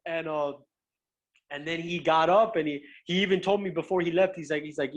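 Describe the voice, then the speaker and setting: A young man with a notably high-pitched voice, talking as a guest fighter in loose, animated conversation. He swears freely and trips over his own restarts as he tells his stories. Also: fairly quick. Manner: profane, animated, stumbling restarts. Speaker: guest, pro MMA fighter. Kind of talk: casual chat, storytelling.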